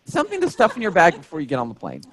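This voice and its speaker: A man in his thirties, a stand-up comedian telling stories in a casual interview, animated and jokey. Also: on the high side, very fast, no echo, poor audio. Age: 30s.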